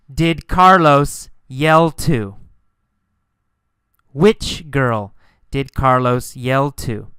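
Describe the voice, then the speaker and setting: A man teaching English through a mini story, asking and answering simple questions in a slow, deliberate way. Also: medium pitch, fairly bright tone, clean tone, no room sound, studio quality.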